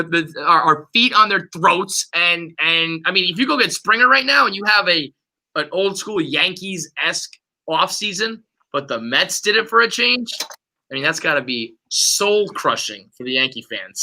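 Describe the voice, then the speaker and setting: A man hosting a sports podcast with a very bright, high-pitched voice. He rants profanely and with heat about his team, like a fired-up fan. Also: animated, normal speed, rough recording. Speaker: podcast host. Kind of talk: casual sports podcast chat.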